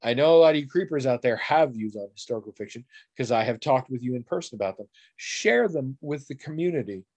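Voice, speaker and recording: A man's voice: mid-range voice, animated, quick pace, few pauses, a little mellow, no echo. A man co-hosting a podcast in casual chat, teasing and sardonic, swearing offhandedly. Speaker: podcast co-host.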